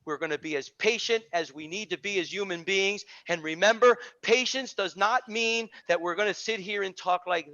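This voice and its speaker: A man hosting an online teaching community, giving an energetic, preachy talk on a video call and repeating phrases for emphasis. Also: high-pitched, normal speed, few pauses. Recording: dull lo-fi video call audio.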